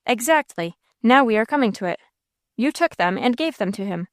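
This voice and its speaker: A woman voicing a cold, scheming young gentleman villain in an audiobook, speaking coolly and sternly. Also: a little high, lively intonation, normal speed, no room sound, clean studio sound, natural voice. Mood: cold, probing. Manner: cool, stern, sneering.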